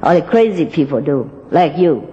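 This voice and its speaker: Give me a woman playing a quarrelsome jealous male creature from a fable, with a warm tone in a reverberant hall. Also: low voice, lively intonation, normal speed, dull audio. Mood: contemptuous.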